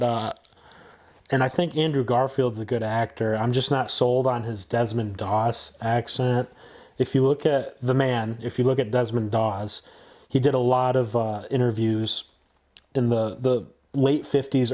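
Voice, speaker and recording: A channel host in his twenties gives a casual film review that's blunt, opinionated, and somewhat halting. His voice is medium-pitched and a little mellow.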